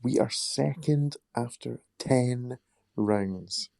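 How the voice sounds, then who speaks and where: A man's voice: medium pitch, extremely slow, creaky, a little mellow, no echo, rough recording. A man from Scotland leaving a blunt, sweary voice message about his team's win. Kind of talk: recorded fan voice message.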